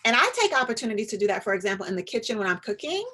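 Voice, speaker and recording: A woman psychologist giving an informal, chatty talk to parents, animated and now and then dropping into a soft whisper to show a point. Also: mid-range voice, rapid-fire. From US, Atlanta area. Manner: chatty and animated, often drops to a demonstrative whisper.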